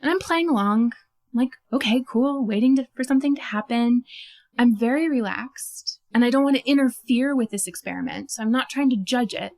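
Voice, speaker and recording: A woman telling a first-person story on stage, animated and self-mocking, with lots of "like" and quick laughs at herself. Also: on the high side. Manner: laughs at her own story.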